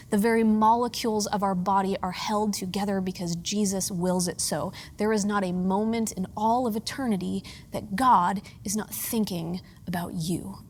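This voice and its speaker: Female preacher, 30s, from the Pittsburgh area; lively storyteller with a wry, self-deprecating streak. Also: medium pitch, slight background noise. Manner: lively, self-mocking humor with earnest hushed moments. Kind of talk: storytelling sermon.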